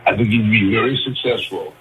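A man calling into a sports radio show, an excitable fan. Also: fairly low pitch, a little fast, background noise. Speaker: radio caller. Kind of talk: call-in talk radio.

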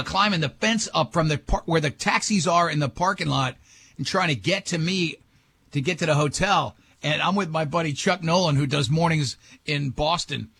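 Gravelly, bright-voiced male podcast host. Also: a little high. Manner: excitable, rambling storyteller who acts out quotes. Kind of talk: casual chat, telling an anecdote.

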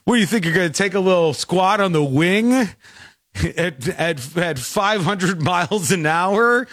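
Guy hosting a chat show, lively up and down voice, dry sound, laughs a lot. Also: high voice, a little slow, no room sound. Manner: animated storytelling, laughs often. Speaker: podcast host. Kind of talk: casual chat.

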